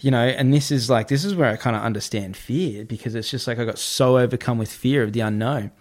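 A man, a podcast guest telling a story in a casual, animated way, often swearing and repeating himself. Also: medium pitch, brisk. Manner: animated, repetitive, swears freely.

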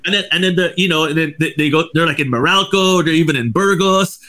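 Bright-voiced, high-pitched man hosting a chat. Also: quick pace. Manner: rambling, animated, many restarts. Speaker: podcast host. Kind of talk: casual chat.

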